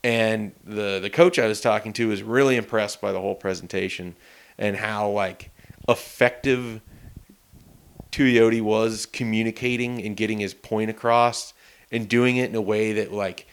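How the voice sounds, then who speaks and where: Low, smooth-voiced man chatting casually. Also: fairly even intonation, normal speed. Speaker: sports reporter and co-host. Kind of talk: casual podcast chat.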